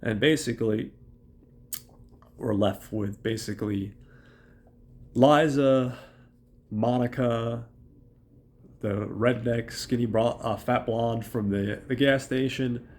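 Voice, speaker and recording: A hoarse man with a cold, hosting a podcast and loosely recapping a film plot with profanity and fillers. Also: medium pitch, steady tone, slow, pauses often, darkish tone. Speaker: podcast host.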